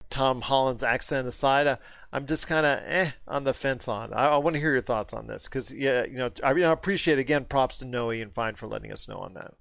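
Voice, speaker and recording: A man hosting a casual movie chat, getting animated and rising in pitch when something puzzles him. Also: a little fast, creaky, hardly any pauses, no echo. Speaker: podcast host.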